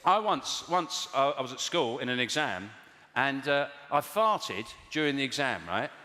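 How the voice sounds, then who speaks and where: Comedian rambling on a roomy stage. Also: male voice, mid-range voice, measured pace. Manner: rambling, deadpan storytelling with audience banter. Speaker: stand-up comedian. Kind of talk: stand-up comedy with crowd work. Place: live comedy venue with audience. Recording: echoey live venue, loud audience.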